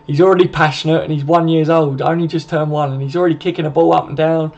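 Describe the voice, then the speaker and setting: A man hosts a casual live stream, reading viewer comments in a chatty, matey way, swearing freely and calling everyone mate. His voice is fairly high and steady, fast, and a little mellow. The recording is slightly muffled, with faint background noise.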